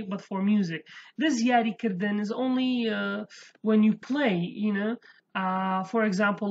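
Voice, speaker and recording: A woman teaching a casual language lesson over slides. She repeats words slowly and keeps checking in with "okay?". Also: mid-range voice, darkish tone, dull audio, a little hiss or hum.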